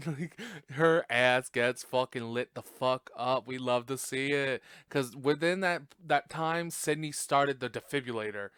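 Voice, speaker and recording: A young man hosts a casual podcast and retells a movie's plot in a loose, profane, laughing way. His voice is smooth and clear, and it sounds close and dry, with no room echo. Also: mid-range voice, slow, fairly bright tone. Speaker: podcast host.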